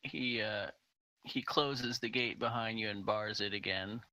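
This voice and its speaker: A man running a tabletop game as game master, narrating slowly with many pauses and fillers. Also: lowish voice, fairly even intonation, bright, forceful tone, no room sound, poor audio.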